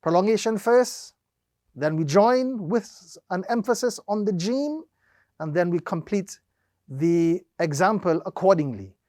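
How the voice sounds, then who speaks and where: A man's voice: sits high, animated, a little mellow, no room sound. Methodical male recitation teacher, dry sound. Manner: slow, deliberate explanation with drawn-out demonstrations; repeats each step methodically. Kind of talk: instructional lesson.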